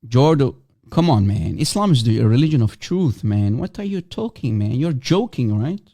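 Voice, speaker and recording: A man's voice: mid-range voice, very animated, moderate pace, warm tone. A man hosting a casual livestream, mocking and provocative, teasing and repeating himself as he calls for guests. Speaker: livestream host.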